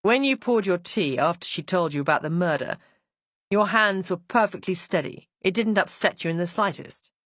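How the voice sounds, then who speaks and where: A woman's voice: lowish voice, normal speed, fairly bright tone, no room sound. A woman reading as a languid husband, dry and teasing, unruffled, close dry sound, storybook.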